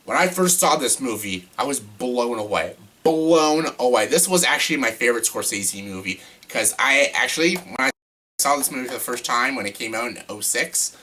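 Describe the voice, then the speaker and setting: Guy doing a casual movie ranking vlog, bright sharp voice, super excitable and gushy, swears casually. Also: mid-range voice, fairly quick. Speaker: movie reviewer.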